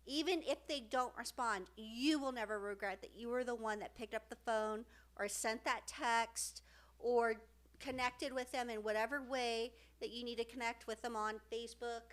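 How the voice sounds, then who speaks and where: A middle-aged woman co-hosting a podcast, talking in a heartfelt, halting way with many fillers and restarts, close to tears at times. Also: on the high side, steady tone, fairly bright tone. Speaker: podcast co-host. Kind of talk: heartfelt casual podcast chat.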